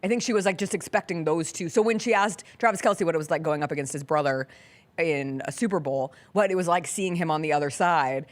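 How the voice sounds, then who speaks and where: A woman's voice: low voice, fast talker. A woman hosting a sports talk show, chatting casually and animatedly, laughing often. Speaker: sports radio show host. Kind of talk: casual chat.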